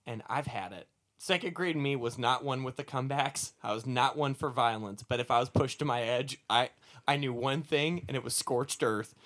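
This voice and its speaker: A man's voice: medium pitch, moderate pace. A young man casually telling a comedic childhood story, laughing often and acting out the voices in it. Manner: animated, laughing, acts out voices in his story.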